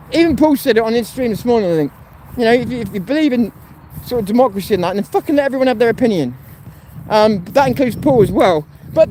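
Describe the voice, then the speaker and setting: A man with a very high voice rambles bluntly through a casual walk-and-talk live stream, dropping swear words as he goes. He is outdoors, and clear street noise and passing traffic sit behind him. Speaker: host. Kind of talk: casual live-stream chat while walking.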